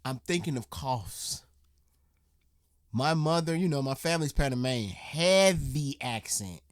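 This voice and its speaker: A man hosting a reaction video, rambling and thinking out loud in casual slang. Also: mid-range voice, lively intonation, unhurried, no echo, clean studio sound.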